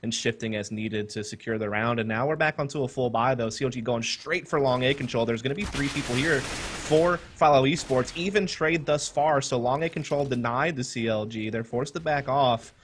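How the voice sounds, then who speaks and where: A man casting an esports match at a fast clip, his voice at an ordinary middle pitch. He talks through team setups analytically and keeps his own excitement reined in. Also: slight background noise. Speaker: esports caster. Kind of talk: play-by-play game commentary.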